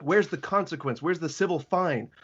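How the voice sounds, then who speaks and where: A man talking as a legal expert guest on a podcast, sarcastic and animated, acting out quotes as he explains. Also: a little high, normal speed, husky, dull audio. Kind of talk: casual podcast discussion.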